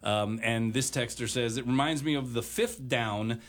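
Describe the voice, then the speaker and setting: A man hosting a sports talk radio show in a relaxed, conversational way. He pauses often and fills the gaps with hesitant uhs and ums. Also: mid-range voice. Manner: many filler uhs and pauses.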